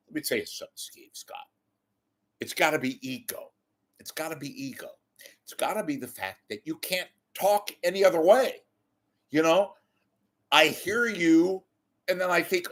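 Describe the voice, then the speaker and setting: A man's voice: medium pitch, very animated, normal speed, a bit bright. A man delivering a ranting commentary, exasperated, sarcastic and blunt, with occasional profanity. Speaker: media commentator.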